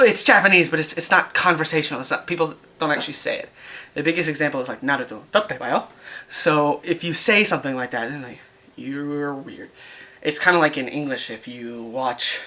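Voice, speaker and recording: A man's voice: on the high side, bright, forceful tone. A man vlogging casually about his study habits, rambling and joking at his own expense. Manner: rambling, self-mocking, jokey. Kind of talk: casual rambling vlog talk.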